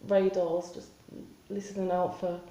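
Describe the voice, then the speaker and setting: A woman talking in a spontaneous confessional vlog, halting and rambling with many restarts and fillers. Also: lowish voice, level tone, warm tone, echoey room, lo-fi sound. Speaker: vlogger.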